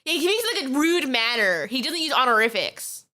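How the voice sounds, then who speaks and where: A young woman streamer from New York, chatting casually and rambling through her thoughts with lots of fillers and giggles. Her voice is high, bright and very lively in pitch. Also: fairly quick. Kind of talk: casual reaction stream chat.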